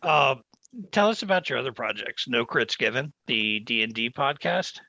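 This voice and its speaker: A man from the Southern US hosting a podcast, chatting in a relaxed, wry way. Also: mid-range voice, moderate pace, vocal fry, dry recording. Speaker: podcast host. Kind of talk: casual chat. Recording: dull, dry sound.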